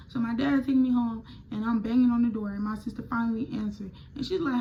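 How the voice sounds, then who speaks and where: A young woman telling a storytime vlog in slangy, animated speech that acts out the dialogue. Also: on the high side, quick pace, few pauses, a little hiss or hum. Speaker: vlogger. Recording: slightly muffled recording.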